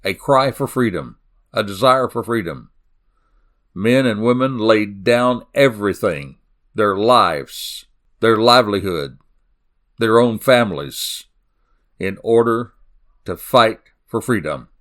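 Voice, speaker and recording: A man's voice: lively intonation, slow pace, pauses often, a bit bright. Southern guy hosting a crime podcast, folksy and dramatic, voice jumps up and down a lot. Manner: folksy, dramatic storytelling with sudden pitch swings. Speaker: podcast host. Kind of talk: true-crime podcast narration.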